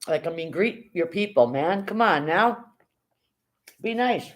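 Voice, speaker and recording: A woman's voice: on the low side, lively intonation, a little slow. Middle-aged lady chatting on her live stream at home, swears a bit, says hi to everyone in chat. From Canada. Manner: chatty, greets viewers by name, casual swearing. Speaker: livestream host.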